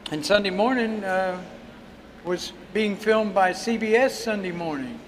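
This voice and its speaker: A man's voice: high voice, a little slow, a little hiss or hum, rough recording. An older man telling a rambling anecdote on a festival stage. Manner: rambling storyteller, frequent "uh"s. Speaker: guest storyteller. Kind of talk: casual anecdote.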